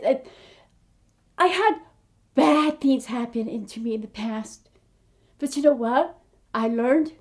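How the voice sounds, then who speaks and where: A woman's voice: high-pitched, mellow. A woman in her fifties, an aspiring actor talking in a casual personal vlog, earnest and rambling with heartfelt asides. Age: 50s.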